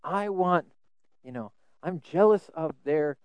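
Male preacher, slightly high voice, smooth tone, earnest sermon delivery with repeated words. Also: animated, slow pace, no echo, dull audio. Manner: swings between loud emphasis and soft asides.

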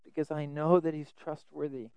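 Earnest preacher with a smooth voice. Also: male voice, a little high, little pitch movement, moderate pace, dry recording, rough recording. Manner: earnest, repeats words when emphasizing; swings between loud emphasis and soft asides. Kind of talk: sermon.

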